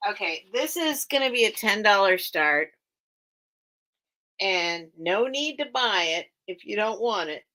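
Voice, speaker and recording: A woman's voice: medium pitch, a bit bright, low-quality recording. A woman hosting a live online vintage sale, chatting casually and rambling as she reads comments and counts down bids. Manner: chatty, rambling, easily touched. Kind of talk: casual live-stream auction chat. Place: cluttered room at home.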